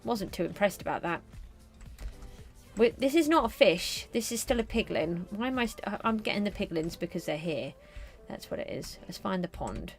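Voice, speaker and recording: A woman's voice: medium pitch, sing-song, moderate pace, soft background music. A middle-aged woman streamer chatting casually to viewers while she plays a game. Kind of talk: casual live gameplay commentary.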